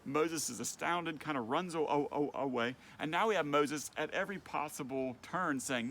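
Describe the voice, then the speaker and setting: Guy teaching a bible class, kinda gravelly, chatty, explains as he reads. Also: a little high, normal speed, few pauses, slight background noise. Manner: conversational, animated when voicing Moses. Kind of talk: church Bible lesson.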